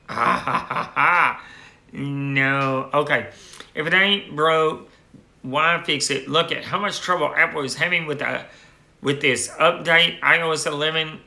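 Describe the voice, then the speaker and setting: Man, tech host, casual live-stream chat, rambling, reads out viewer comments, slightly high voice, echoey room. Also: steady tone, unhurried, vocal fry, sharp tone. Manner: rambling, answers viewer comments, restarts phrases.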